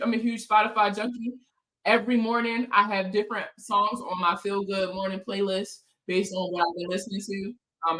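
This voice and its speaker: Woman host, casual live chat, bright and forceful tone, slangy and profane, quick to laugh, answers viewer comments. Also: medium pitch, low-quality recording. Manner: slangy, swears freely, laughs often; reads viewer comments aloud and answers them. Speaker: financial counselor hosting a live chat.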